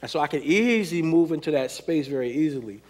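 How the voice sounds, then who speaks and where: Animated American man telling stories. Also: fairly high pitch, fast. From United States. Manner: animated storytelling, laughs often, acts out quotes. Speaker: hip hop choreographer. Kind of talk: conversational panel talk.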